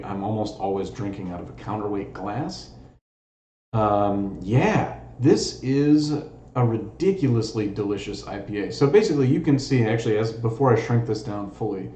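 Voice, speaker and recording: A man's voice: on the low side, warm tone. A man hosting a live stream, chatting casually in a jokey, rambling, self-mocking way. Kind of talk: casual chat. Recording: echoey room with faint noise.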